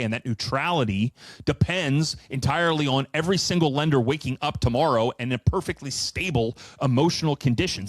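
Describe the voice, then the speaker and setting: A middle-aged man giving an animated solo finance presentation, emphatic and sardonic with profane asides. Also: mid-range voice, dry recording. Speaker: finance commentator.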